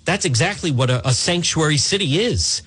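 A man's voice: on the high side, lively intonation, normal speed, a bit bright, breathy edge. A man hosting a talk radio show, arguing combatively, repeating points and firing rhetorical questions. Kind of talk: opinionated talk radio monologue.

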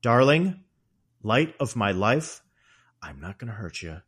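A man voicing a menacing, unhinged male caretaker who swings from hushed threats to loud bursts and whispers. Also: medium pitch, fast, slightly rough, close to an everyday voice. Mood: menacing, taunting.

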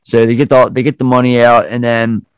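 A man's voice: mid-range voice, level tone, brisk, clear, resonant tone, no room sound. A man hosting a podcast, animatedly retelling a film scene in casual chat and acting out the lines. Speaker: podcast host.

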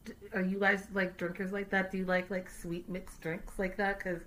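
A woman hosting a casual livestream recap, chatty, animated and sassy. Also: medium pitch, moderate pace. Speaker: host.

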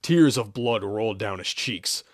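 A man hosting a show and reading an old, absurd amateur story aloud in a deadpan, measured way. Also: lowish voice, dry recording. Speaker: host and story reader. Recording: dry close sound.

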